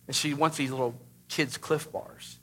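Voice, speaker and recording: A man in his thirties preaching a sermon as pastor, emphatic, with sudden loud bursts and rhetorical questions. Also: medium pitch, steady tone, moderate pace, husky.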